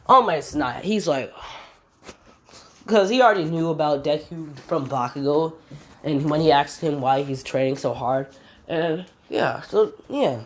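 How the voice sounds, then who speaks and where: A woman's voice: low-pitched, unhurried. A woman casually retelling a made-up story, rambling and often correcting herself. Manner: rambling, self-correcting, filler-heavy. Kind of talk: casual fan-fiction retelling.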